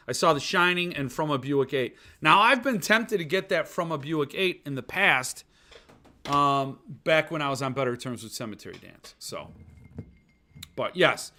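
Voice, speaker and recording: A man's voice: fairly high pitch, sharp tone. A man hosting a casual live stream, rambling as he reads viewers' chat aloud and answers it with self-deprecating jokes. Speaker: podcast host.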